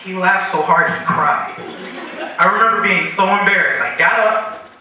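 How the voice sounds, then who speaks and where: A young man telling a stand-up story at a comedy graduation show, animated and acting out the voices of the people in it. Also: high voice, normal speed, crowd noise. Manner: animated, acts out quoted voices. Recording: very echoey room, far from mic, noisy.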